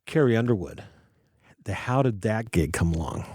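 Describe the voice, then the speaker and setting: Low, mellow male host, earnest and appreciative, dry close sound. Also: animated, normal speed, husky, no room sound. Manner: earnest, appreciative, sets up questions with his own stories. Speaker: podcast host. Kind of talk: interview conversation.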